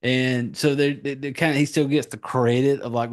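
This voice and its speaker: A man's voice: medium pitch, steady tone, moderate pace. A man in his forties, a podcast host, giving a rambling, profane casual recap of a movie.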